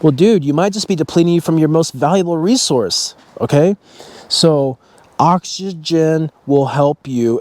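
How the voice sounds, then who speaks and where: A man's voice: fairly high pitch, darkish tone. A man giving a casual motivational talk about breathing, blunt and swearing freely, speaking straight to his viewers. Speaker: self-help vlogger.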